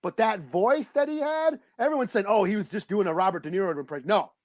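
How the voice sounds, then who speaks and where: A man co-hosting a podcast, chatting casually about a movie, rambling, excitable and swearing freely. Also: sits high, fast, no room sound, studio quality. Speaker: podcast co-host. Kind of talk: casual movie review chat.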